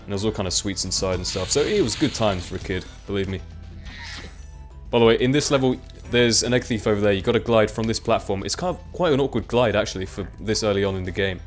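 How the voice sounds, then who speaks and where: Chatty young man, low voice. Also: quick pace, faint music behind. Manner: chatty, rambling, self-mocking. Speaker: let's play commentator. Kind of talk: casual gameplay commentary.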